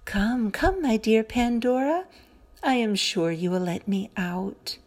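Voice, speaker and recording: A woman's voice: on the high side, expressive, slow. A woman voicing Hope, a sweet little female fairy who speaks kindly and cheerfully in a storybook reading. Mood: coaxing. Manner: soft, kind and coaxing.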